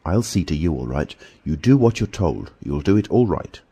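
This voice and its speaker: A man voicing a menacing, bullying man who delivers curt threats with quiet emphasis in an audiobook. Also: low-pitched, very animated, moderate pace, slightly rough, exaggerated voice. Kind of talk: audiobook character voice.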